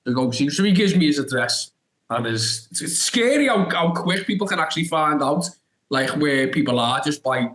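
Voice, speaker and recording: A man's voice: a little high, lively intonation, moderate pace, a bit bright, poor audio. A young man, an actor telling a rambling story as a podcast guest and acting out his own reactions. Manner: rambling, full of restarts and filler "da da da". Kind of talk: animated anecdote storytelling.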